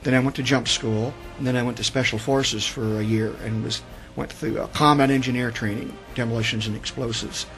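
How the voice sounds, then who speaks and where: A man's voice: mid-range voice, steady tone, brisk, hardly any pauses, a bit bright, faint music behind, poor audio. A man in his sixties, a veteran guest on a radio interview, telling his stories in a rambling way and often repeating words. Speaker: guest, Vietnam veteran author. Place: radio studio.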